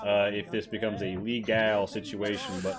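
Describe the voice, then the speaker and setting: With music behind him, a game master speaks at normal speed in a low, flat voice he pushes down, lightly acting the part of a folksy rural soldier and self-styled sovereign patriot in a tabletop game. He drawls in a generic rural American hick accent, hesitating with many uhs, in an official mood.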